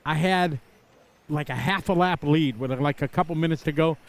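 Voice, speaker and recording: A middle-aged man calls the action live from an outdoor racetrack, chatting casually between bursts of excitement. His voice sits a little high for a man, and he jumps from easygoing banter to quick, shouted reactions. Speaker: race commentator. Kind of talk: live play-by-play commentary.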